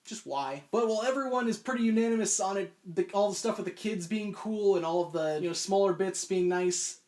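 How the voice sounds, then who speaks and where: A man's voice: high-pitched, a little fast, a little mellow. Rambling self-mocking young man. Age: 20s. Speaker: video essay host. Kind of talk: comedic video essay.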